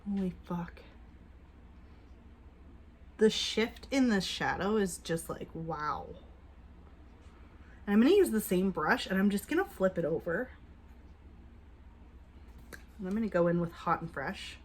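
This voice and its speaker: Woman beauty vlogger at home, chatty and upbeat, middle pitch, drops to hushed asides while applying. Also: animated, a little slow, pauses often, breathy edge. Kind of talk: casual makeup review.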